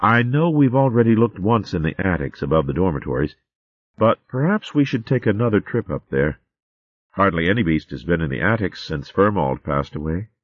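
A man voicing a kind, anxious young hedgehog maid in a storybook, earnest and gently fretful. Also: sits low, very animated, moderate pace, dry recording, highs cut off.

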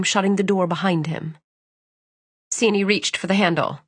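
A woman reads a novel aloud in a measured, steady storytelling voice. Her tone is husky and slightly breathy. The recording is close and dry. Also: on the low side, dry recording. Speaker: audiobook narrator. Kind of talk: scripted audiobook narration.

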